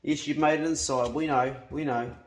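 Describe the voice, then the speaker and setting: A man's voice: a little high, steady tone, normal speed. A New man in his fifties chatting casually to camera in his home kitchen, blunt, swearing freely and laughing easily. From New Zealand. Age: 50s. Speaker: hunting and cooking vlogger.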